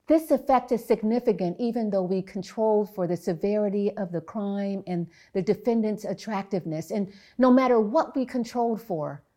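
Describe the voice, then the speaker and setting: A woman psychologist giving a public talk, telling a story and explaining research in a measured, deliberate way. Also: mid-range voice, a little mellow.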